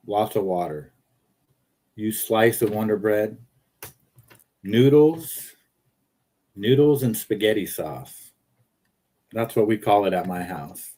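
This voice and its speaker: Man, low voice, casual livestream host, rambling, jokey, reads comments aloud, talking from a car. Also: warm tone.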